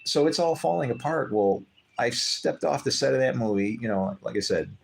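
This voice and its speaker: A man telling a personal story in casual conversation, rambling and animated, acting out what others said. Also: medium pitch, moderate pace, creaky. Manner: rambling, animated, acts out quoted voices. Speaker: guest telling his story.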